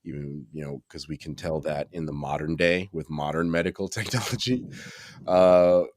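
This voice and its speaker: A man with a very deep, low voice chats casually on a podcast, drifting into side thoughts and restarting his sentences. The sound is dry and close to the mic. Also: fairly quick, dry recording. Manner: meandering, self-correcting asides. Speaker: podcast co-host. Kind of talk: casual chat.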